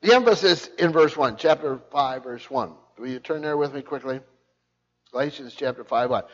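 An older man preaching a sermon, emphatic, often repeating words and restarting his sentences. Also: normal speed. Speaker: pastor. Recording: muffled low-fidelity recording.

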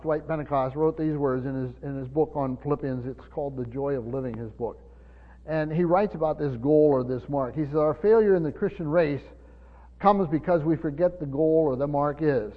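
A man preaching a Bible-teaching sermon, stumbling over repeated words and asking the congregation questions. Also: a little high. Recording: dull hall recording with reverb.

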